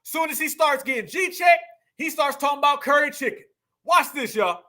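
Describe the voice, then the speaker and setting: A man hosting a livestream, delivering animated, profane ranting commentary straight to his audience. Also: very high voice, moderate pace. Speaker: livestream host.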